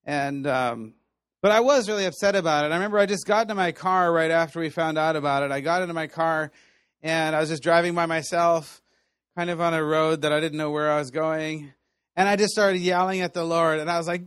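A man with a fairly high voice preaches in a relaxed, conversational way, telling stories with plenty of animation. The sound is dry and close, with no room echo. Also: fairly quick, clean tone. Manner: conversational, animated storytelling with laughs. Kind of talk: sermon teaching.

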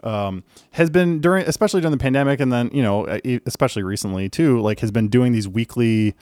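A man's voice: mid-range voice, quick pace, darkish tone, no room sound, studio quality. A man co-hosting a podcast, talking in a loose, rambling way full of fillers and casual swearing. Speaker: podcast co-host. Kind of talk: casual chat.

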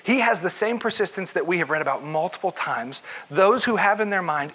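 A man preaching a sermon, telling a story with expressive delivery and acting out parts of the scene. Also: high voice, fairly quick, few pauses, slight background noise, poor audio.

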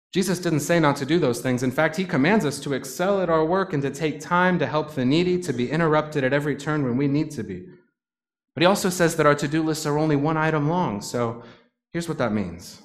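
A man's voice: a little high, fairly quick. Man preaching a conversational sermon. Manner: conversational preaching, rising to emphatic bursts. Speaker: pastor.

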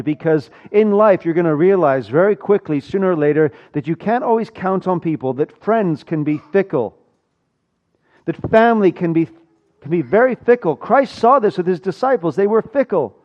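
A man from South Africa preaching a sermon, rising loud for emphasis and dropping to a hushed low voice. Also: animated, moderate pace. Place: church. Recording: dull lo-fi sound.

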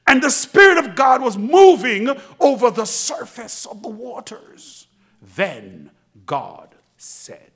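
A man preaching a sermon, building to shouts and dropping to whispers, with slow emphatic repetition. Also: sits high, huge pitch swings, breathy edge. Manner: dramatic, swings from shouting to near-whispers.

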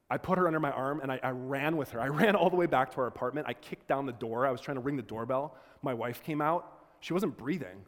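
A male lecturer speaks to a class in an earnest, conversational way, often restarting his sentences. His voice sits in a mid range. The sound carries a long reverb from a large lecture hall. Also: medium pitch. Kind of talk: lecture with personal storytelling.

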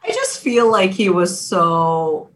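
A speaker in a casual chat gives blunt, emphatic opinions. The voice sits at a middle pitch and has a bright, forceful tone. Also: wildly swooping pitch, slow.

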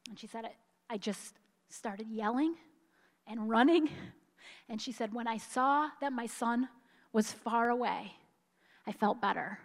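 A woman preaching a sermon, telling a story with emphasis and slowing down on key lines, at times choked up with emotion. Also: on the high side, in a large hall.

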